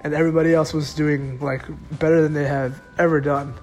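A man's voice: on the high side, little pitch movement, a little fast, a little mellow, soft background music. A young man telling a personal story in a casual, rambling way, full of filler words.

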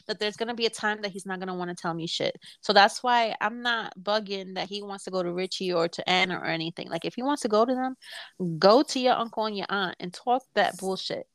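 Young woman co-host, mid pitch, frank and unfiltered, dry close sound. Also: fairly quick, no echo. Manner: frank and blunt, swears casually, laughs often. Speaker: podcast co-host. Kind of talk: casual chat.

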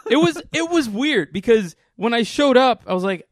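A man's voice: very high voice, very animated, normal speed, no echo, studio quality. A man co-hosting a podcast, telling stories in easygoing casual chat and laughing often. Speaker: podcast co-host.

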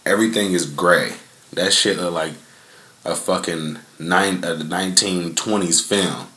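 Young guy on a podcast, real low voice, cussing a lot and rambling, echoey sound. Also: a little slow, pushed and bright. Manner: laid-back, profane, rambling with many fillers. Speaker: podcast host. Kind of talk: casual storytelling. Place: outdoors in a front yard.

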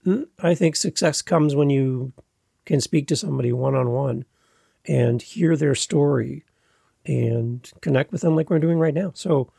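Gravelly-voiced male podcast host. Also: mid-range voice, unhurried, dark tone, dry recording, clean studio sound. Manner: friendly, rambling, self-deprecating humor. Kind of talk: casual podcast chat.

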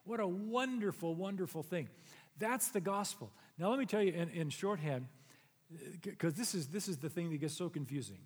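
A man's voice: sits high, normal speed, husky. A middle-aged man preaching a sermon in a church, earnest and conversational, rising to emphatic peaks. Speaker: pastor. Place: church sanctuary. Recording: long reverb of a large hall.

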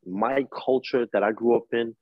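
A coach in his forties from East New York, Brooklyn, guests on a podcast, sharing hard-won life lessons in an emphatic, street-wise New York accent. His mid-range voice holds a steady tone at a moderate pace. The recording has no echo but sounds muffled.

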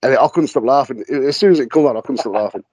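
A man's voice: mid-range voice, fast, slightly rough, no echo, poor audio. A man, a paranormal investigator chatting as a podcast guest, telling stories with frequent laughter and casual swearing. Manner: animated storyteller, laughs often, swears casually.

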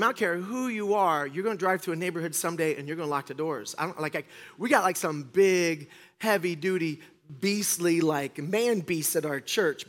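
A middle-aged man preaching from a church stage, with a high-pitched and bright, ringing voice. He tells his story in an animated, self-mocking way, acts out the other people in it, and slips in deadpan jokes for the congregation. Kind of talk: storytelling sermon.

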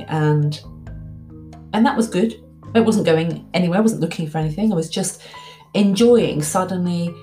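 A woman in her forties, candid and reflective, telling a personal story and acting out the things she once told herself. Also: fairly low pitch. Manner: candid, reflective, animated when quoting her past self. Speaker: speaker.

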